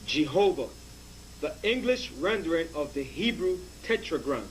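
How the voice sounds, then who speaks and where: A man's voice: fairly high pitch, expressive, a little hiss or hum, rough recording. A man carefully reading a passage aloud in a lesson. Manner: reads aloud slowly and carefully.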